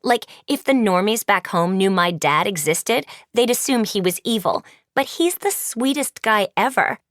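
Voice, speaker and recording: A woman's voice: mid-range voice, lively intonation, normal speed, a bit bright, dry recording, studio quality, close to an everyday voice. A woman reading an audiobook, voicing a sweet teenage vampire girl who talks in a chirpy, gushing way. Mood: bubbly.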